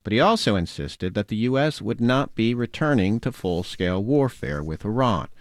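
A man correspondent files a steady, formal news report in a low voice. The recording is dry and close. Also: normal speed, no room sound.

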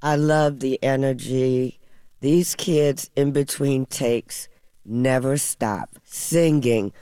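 An older actress with a low, deep voice, talking about her role with laughter and humor. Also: fairly even intonation, slow, warm tone, clean tone, no room sound. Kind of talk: interview.

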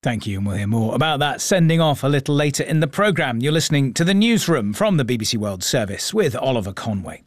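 Measured male radio news presenter, dry studio sound. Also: medium pitch, very animated, dry recording. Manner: measured, clear delivery. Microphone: studio microphone.

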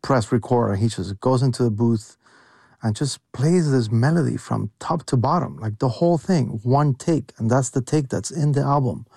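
A young man with a mid-pitched voice speaks eagerly in a casual interview. He fills his sentences with "like," and the sound is dry and close. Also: moderate pace, creaky, dark tone, breathy edge, dry recording. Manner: enthusiastic, filler-heavy, says "like" a lot. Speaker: guest producer.

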